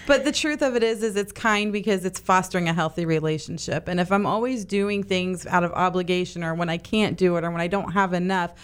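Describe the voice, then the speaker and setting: A woman's voice: fairly low pitch, brisk, hardly any pauses, smooth. A middle-aged woman guest on a radio talk show, explaining earnestly with lots of "you know.". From Italian-American family. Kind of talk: casual radio chat.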